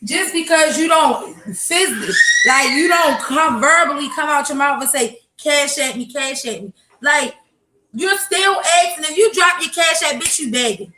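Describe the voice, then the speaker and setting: A woman rants to her livestream viewers at home, blunt and profane and talking straight to her chat. Her voice sits high. The phone picks up a roomy echo with a little faint noise behind her. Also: normal speed, pushed and bright. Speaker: livestream host. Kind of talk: casual morning livestream talk. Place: home, kitchen. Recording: echoey room with faint noise.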